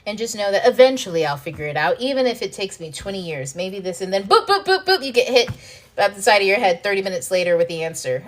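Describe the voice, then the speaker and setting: A woman talking through spiritual self-help ideas in a relaxed, conversational way. She swears freely and slips into quick acted-out exchanges with herself. It sounds like an informal late-night chat with viewers. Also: medium pitch. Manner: loose and profane, acts out inner dialogue. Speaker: self-help channel host. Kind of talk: casual spiritual coaching talk.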